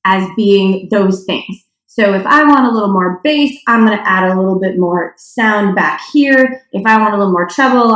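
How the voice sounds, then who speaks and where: A woman's voice: medium pitch, fairly bright tone. A young adult woman from North Dakota teaching a singing lesson, chatty, with demonstration sounds. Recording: echoey room.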